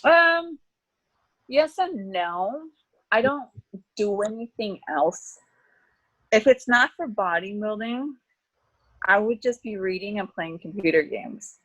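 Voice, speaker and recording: A woman's voice: medium pitch, lively intonation, slow pace, pauses often, fairly bright tone. A woman in her twenties, talking casually as an interview guest and saying "like" often. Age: 20s. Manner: chatty, heavy use of "like".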